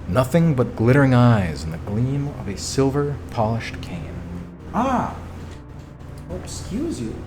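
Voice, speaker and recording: A man streaming himself reading a text adventure game aloud, chatty, with casual asides. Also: mid-range voice. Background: faint background music.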